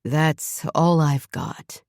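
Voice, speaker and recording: A woman's voice: sits low, very animated, drawn-out words, gravelly, darkish tone, no echo, clean studio sound, full character voice. A woman voicing a blunt, defensive man who is a father. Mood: earnest.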